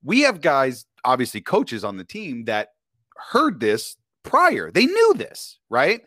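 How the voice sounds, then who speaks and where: A man's voice: mid-range voice, wildly swooping pitch, takes it slowly, fairly bright tone, no echo, studio quality. A man, a podcast guest, telling a story in casual chat, talking in slang and keeps asking "you know what I mean".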